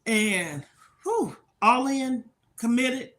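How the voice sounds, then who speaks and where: A woman's voice: a little high, animated, drawn-out words, fairly bright tone. Frank older woman talking to viewers. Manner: frank, preachy, repeats "okay?" often. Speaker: livestream host. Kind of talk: casual livestream talk to viewers.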